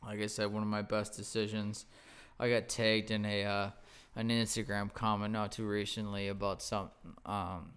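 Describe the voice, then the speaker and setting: Young man, podcast host, lively storytelling, casual, swears. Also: on the low side, moderate pace, clean tone. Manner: animated storytelling, swears freely. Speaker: podcast host, former bartender. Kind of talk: casual chat.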